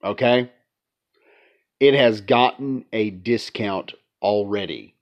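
A man's voice: lowish voice, takes it slowly. Stuffy-nosed man, sarcastic game commentary. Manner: sarcastic, repeats points for emphasis. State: stuffy nose from allergies. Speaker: commentary channel host. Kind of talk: casual video game commentary. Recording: dull lo-fi sound.

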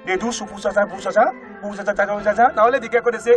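Nigerian pidgin comic guy, real high voice, telling stories over faint music. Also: racing, muffled recording. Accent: Nigerian Pidgin English. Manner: animated, does squealing put-on voices and shouts. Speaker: comedian. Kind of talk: stand-up comedy storytelling.

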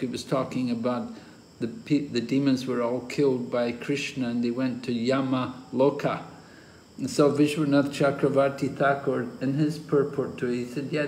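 Male spiritual teacher, scripture lecture, slow measured delivery, roomy echoey recording. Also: medium pitch, darkish tone. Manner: slow, deliberate explaining with occasional chuckles. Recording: roomy echo with faint ambient noise.

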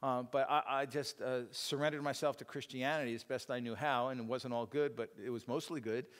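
A man's voice: mid-range voice, fairly even intonation, brisk. A middle-aged man giving an informal church teaching talk, rambling and self-deprecating, with many fillers and restarts. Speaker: speaker at a church teaching session. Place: church hall. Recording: long hall reverb.

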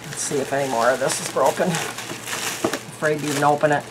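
A woman's voice: low voice, fairly even intonation, normal speed, very noisy. A woman reviewing beauty products in a casual vlog, chatty and thinking aloud. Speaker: beauty vlogger.

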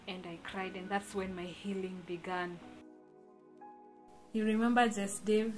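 A young woman sharing a personal testimony, telling her story earnestly and with deep emotion. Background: music.

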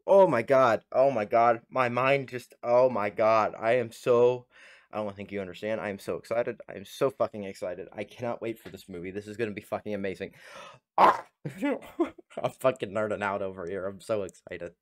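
An American man hosting a reaction video, loud, excited and swearing, repeating his exclamations. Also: on the low side, normal speed. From United States. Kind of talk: casual reaction commentary. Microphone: desk USB microphone.

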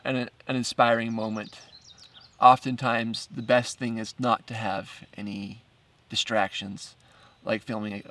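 A man tells a story in a casual first-person way, stumbling and repeating words and laughing lightly between phrases. His voice is rough and gravelly at medium pitch. He sits a little back from the microphone. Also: a bit bright, distant mic. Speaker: filmmaker narrating his documentary.

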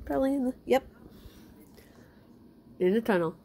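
A woman's voice: on the high side, expressive, normal speed, dark tone, slight background noise. A woman at home talking playfully to her pets, teasing them and speaking to them like children. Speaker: pet owner filming her pets. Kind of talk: casual chat with pets.

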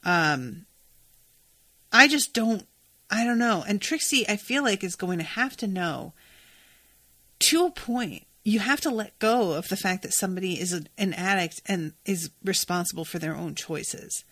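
A young adult woman talks through a TV episode in a loose, casual monologue. Her voice is bright and a little sharp, and she takes her time, drawing her words out. She drops swear words easily and acts out the characters' lines as she goes. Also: medium pitch, expressive, measured pace. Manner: chatty, swears freely, reads quoted dialogue aloud. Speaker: podcast host recapping a TV episode.

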